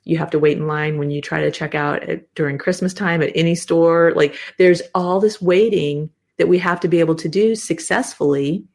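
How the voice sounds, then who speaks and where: Woman, fifties, low voice, gravelly, interview guest, animated explaining. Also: normal speed, hardly any pauses. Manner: animated explaining, frequent restarts. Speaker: guest occupational therapist. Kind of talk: casual interview talk.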